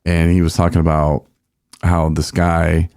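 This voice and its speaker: A man's voice: deep voice, monotone, unhurried, gravelly, darkish tone, no room sound, clean studio sound. A man hosting a podcast, telling a story in a rambling, folksy way with many fillers. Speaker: podcast host. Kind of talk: casual storytelling chat.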